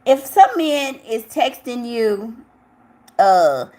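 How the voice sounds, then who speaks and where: A woman's voice: a little high, big pitch swings, drawn-out words. A woman commentating on celebrity gossip, reading news aloud and breaking off with outspoken, incredulous reactions. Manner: outspoken, incredulous, exclaims loudly.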